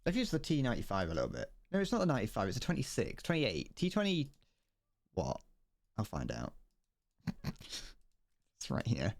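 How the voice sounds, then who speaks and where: A man's voice: medium pitch, huge pitch swings, brisk, gravelly, pauses often. A young man streaming a tank game, chatting casually with viewers and often restarting sentences. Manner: rambling, frequent restarts and chuckles. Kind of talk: casual gaming livestream chat. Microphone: desk mic, wearing headphones.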